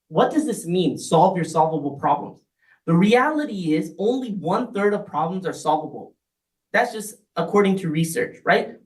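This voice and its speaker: High-voiced man giving an echoey talk. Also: recorded from a distance. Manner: conversational, often checks in with "right?". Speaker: speaker. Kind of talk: community talk on marriage.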